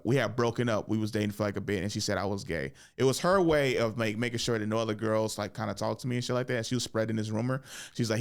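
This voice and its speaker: A man's voice: fairly low pitch, fast, hardly any pauses, clean tone. A man in his twenties hosting his own podcast, telling stories casually with swearing and laughter. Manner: loose, profane, laughing. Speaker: podcast host. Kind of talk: casual solo storytelling.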